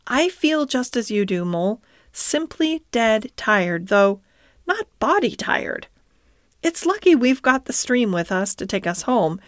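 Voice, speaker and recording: A woman voicing a dreamy, poetic male water rat in a storybook reading, murmuring in a hushed, languid way. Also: on the high side, very animated, measured pace, dry recording, studio quality. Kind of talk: storybook character voice.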